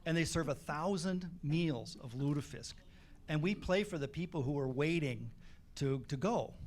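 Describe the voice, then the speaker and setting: A man's voice: on the high side, animated, normal speed. A man, a band member guest, telling funny stories in a casual interview in a community TV studio. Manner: joking, chuckles through his stories.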